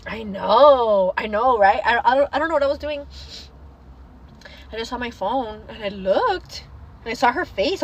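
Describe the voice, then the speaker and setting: A young woman hosting a casual livestream, chatting to viewers and telling stories in an animated way. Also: a little high, moderate pace, long pauses, low-quality recording. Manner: chatty, animated storytelling, calls viewers girl. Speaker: livestream host.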